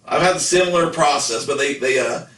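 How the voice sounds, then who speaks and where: A man's voice: on the high side, fairly quick, fairly bright tone, far from the mic. Rambling man in an echoey room. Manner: rambling, joking storyteller. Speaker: podcast co-host. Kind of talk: casual chat.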